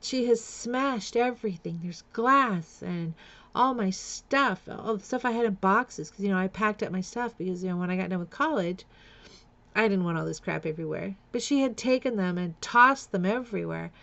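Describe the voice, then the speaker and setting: A middle-aged woman speaks in a gravelly voice with some vocal fry. She recounts her own past candidly and bluntly, breaking into laughter between lines. The recording is a little dull and lo-fi. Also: medium pitch, normal speed, fairly bright tone. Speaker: vlogger. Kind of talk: personal storytelling vlog.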